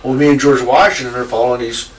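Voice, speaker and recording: A man's voice: medium pitch, steady tone, fast talker. Rambling man in an echoey room. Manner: rambling, laughing, swears freely. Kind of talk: casual storytelling. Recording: echoey room, distant mic, faint noise.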